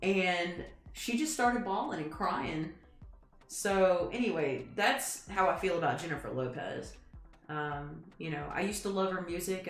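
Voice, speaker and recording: Chatty woman streamer, rambling story. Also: on the low side. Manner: chatty, rambling, lots of fillers. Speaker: streamer host. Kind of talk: casual storytelling chat. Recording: echoey room with music. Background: faint music.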